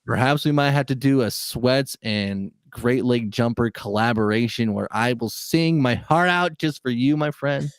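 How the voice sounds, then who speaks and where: A man's voice: medium pitch, measured pace, few pauses, clean tone, dry recording. A man co-hosting a casual interview podcast, rambling with lots of fillers and restarts. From Chicago area. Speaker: podcast co-host.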